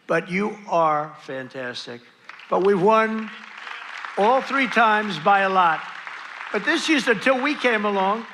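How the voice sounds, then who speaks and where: Male politician at a rally: high, gravelly, punchy delivery, boastful and repetitive, faint crowd behind. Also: sharp tone. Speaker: president giving a rally speech. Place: outdoor or arena rally with a crowd. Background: faint crowd noise.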